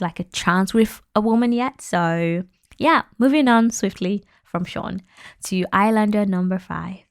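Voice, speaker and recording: A woman's voice: mid-range voice, a little mellow, no echo, clean studio sound. A young woman hosting a podcast, giving frank, opinionated commentary in a chatty way, laughing often and using lots of fillers. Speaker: podcast host.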